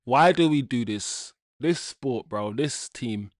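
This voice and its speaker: A man's voice: medium pitch, expressive, takes it slowly, dry recording. A man hosting a live football watch-along, ranting in exasperation, swearing and repeating himself as he vents. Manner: repeats himself while venting.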